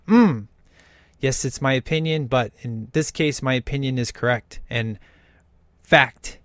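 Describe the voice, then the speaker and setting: A man's voice: mid-range voice, animated, a little slow, a bit bright, no room sound, clean studio sound. A man talking through a film in casual commentary, enthusiastic and emphatic with lots of slang.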